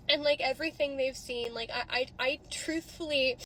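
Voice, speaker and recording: A woman's voice: high-pitched, steady tone, normal speed, few pauses, fairly bright tone, slight background noise, low-quality recording. A woman talking casually into her phone outside a theater, rambling, swearing and tearing up as she speaks. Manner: emotional, rambling, swearing, tearful. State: crying. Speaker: social media creator. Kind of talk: casual vlog reaction. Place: outdoors near a theater.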